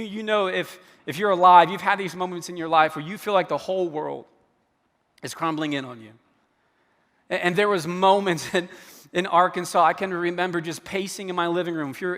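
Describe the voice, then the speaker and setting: A man preaching a sermon, animated and storytelling, acting out quoted dialogue with stammered restarts. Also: high voice, long reverb tail. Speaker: pastor. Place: church hall.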